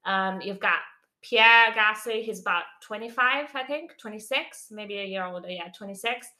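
A woman's voice: medium pitch, moderate pace, sharp tone. A woman co-hosting a casual podcast chat, explaining at length with many fillers and easy laughs. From non-English name, living in London. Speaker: podcast co-host.

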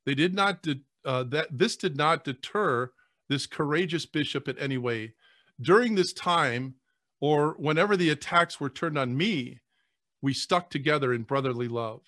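A man, a priest, speaking earnestly on a podcast, often halting and repeating words as he chokes back tears. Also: a little high, fairly bright tone, no room sound, studio quality. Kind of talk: emotional podcast conversation.

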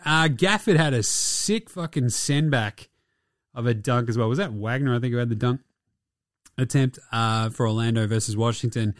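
A man's voice: mid-range voice, moderate pace, dry recording, studio quality. A young Australian man giving a casual, profane and mocking recap of basketball games. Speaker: basketball commentator.

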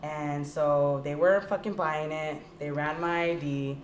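A woman's voice: low voice, measured pace, slight background noise. A young woman telling a story in casual chat, swearing a lot and acting out what people said. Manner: profane, animated storytelling with acted quotes.

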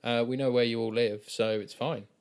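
A man's voice: medium pitch, fairly even intonation, normal speed, darkish tone, clean tone. A man co-hosting a podcast, talking casually with blunt, sweary exasperation. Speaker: podcast co-host.

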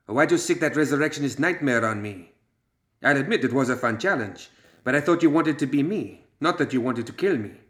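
A man's voice: mid-range voice, animated, fairly quick, voice pushed up, lightly acted. A man voicing a tough, teasing woman gunslinger in an audiobook. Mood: challenging. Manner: bold and teasing.

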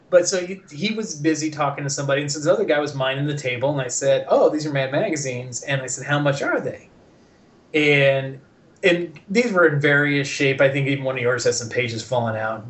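Slightly high-voiced man, swears a lot, animated storyteller voicing everyone in his anecdote. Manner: profane, animated storyteller acting out dialogue. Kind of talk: casual chat, storytelling.

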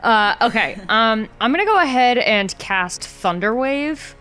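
A woman's voice: fairly high pitch, lively intonation, measured pace, fairly bright tone, smooth. A woman playing a tabletop game who talks casually and trash-talks brashly with a foul mouth. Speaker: player.

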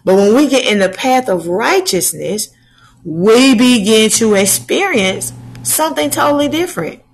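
A woman preaching a slow sermon to her channel's viewers, asking rhetorical questions and answering them. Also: a little high, lively intonation, breathy edge, low-quality recording.

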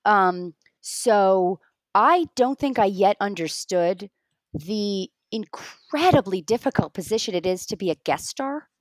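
A middle-aged woman on a home mic, chatting as a guest actor. She tells lively stories and acts out the lines she quotes. Her voice is of middle height, in a dry room. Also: mid-range voice, measured pace, dry recording. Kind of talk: casual remote interview chat.

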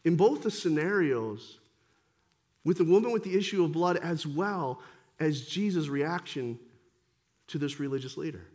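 A man preaching a sermon as pastor, swinging between forceful emphasis and quiet intensity. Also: fairly high pitch, lively intonation, unhurried, pauses often.

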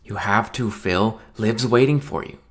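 A man's voice: unhurried, close to an everyday voice. A man voicing an anxious young best man who coaxes his drunk friend in an earnest, rising voice. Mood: pleading. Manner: earnest, coaxing, rising higher.

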